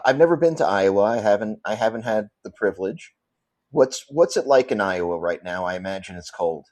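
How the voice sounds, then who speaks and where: A man's voice: on the low side, darkish tone. A man from New York hosting a podcast interview, often stumbling and repeating words as he starts a thought. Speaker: podcast host. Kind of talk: casual interview.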